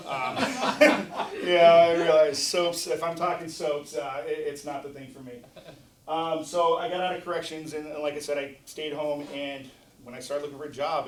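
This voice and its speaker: 40s guy chatting to a club, self-deprecating, far off mic in an echoey hall. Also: medium pitch. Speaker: guest speaker. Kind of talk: casual talk to a club. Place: meeting hall. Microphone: distant mic after his mic failed. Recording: roomy hall, distant mic, faint background hum.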